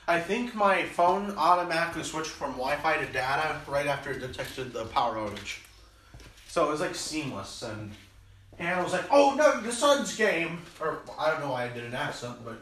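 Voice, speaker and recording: A man's voice: medium pitch, normal speed, sharp tone. A young man hosting a casual chat, rambling with lots of fillers and restarts. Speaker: podcast host. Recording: roomy, distant mic with background noise.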